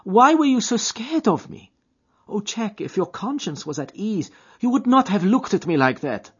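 A woman's voice: sing-song, normal speed, breathy edge. A frantic young woman. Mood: distraught. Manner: high, shrill, emotional pleading. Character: young woman, nineteen, pleading and desperate. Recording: dull lo-fi recording.

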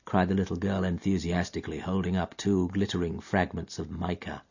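Male audiobook narrator, dramatic and drawn-out, husky voice, dull lo-fi recording. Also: deep voice, flat delivery, darkish tone. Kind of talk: expressive literary narration.

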